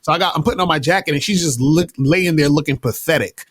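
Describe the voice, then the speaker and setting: In a quick, husky voice that runs a little high, this interview guest talks casually about his dating life, using slang and often starting sentences over. There's no echo.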